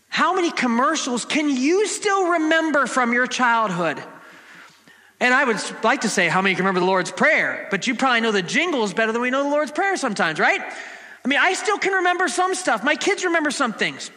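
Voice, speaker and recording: A middle-aged man preaches with a very high, animated voice. He plays to the crowd with jokes and snatches of song. His words ring out with the long reverb of a large church hall. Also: normal speed. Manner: playful, sings snippets of ad jingles to the congregation. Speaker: pastor. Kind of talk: sermon. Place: church sanctuary.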